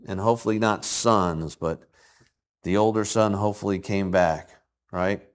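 A man's voice: low voice, unhurried. Older man teaching a Bible passage. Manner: asks the group questions, acts out quoted lines. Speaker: preacher. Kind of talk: Bible teaching with congregation responses.

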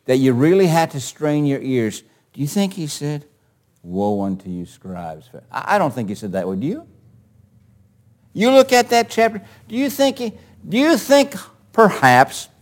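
A man delivers a sermon at a deliberate, unhurried pace. His voice sits slightly high and rises and falls widely. He presses his listeners with rhetorical questions and moves between hushed asides and forceful declarations. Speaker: pastor.

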